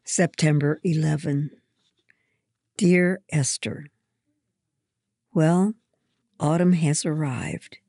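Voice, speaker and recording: A woman reading a children's storybook aloud, slow and measured. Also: sits low, warm tone, no echo, clean studio sound. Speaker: reader. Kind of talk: storybook narration.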